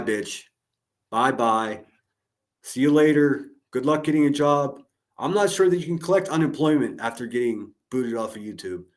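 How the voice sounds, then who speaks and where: Male streamer, lowish voice, sarcastic and heated commentary, swears freely. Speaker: streamer reacting to a clip.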